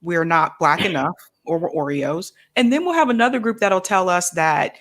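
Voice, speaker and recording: A woman's voice: on the low side, lively intonation, moderate pace, a bit bright. Frank, easy-laughing woman co-host. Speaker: podcast co-host. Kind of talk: casual conversation.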